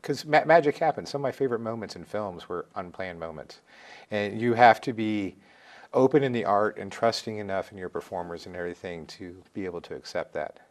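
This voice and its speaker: A man's voice: lowish voice, brisk. A man hosting a casual panel interview, joking around and rambling with restarts. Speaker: host.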